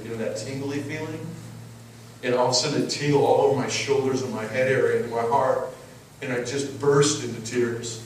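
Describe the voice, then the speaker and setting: A man's voice: mid-range voice, darkish tone, a little hiss or hum. A middle-aged man giving an emphatic sermon testimony, telling his story and repeating words as he goes. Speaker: preacher. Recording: echoey hall, mic at a distance.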